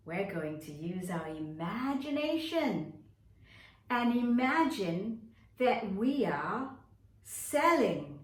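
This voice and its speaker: A woman teaches a nursery drama lesson at a very slow pace, her pitch rising and falling widely as she draws out each word for small children. She sounds cheerful and encouraging. The recording is echoey, with her voice set back from the mic. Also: very animated, far from the mic. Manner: slow, exaggerated instructions with stretched words. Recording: echoey room, voice away from mic.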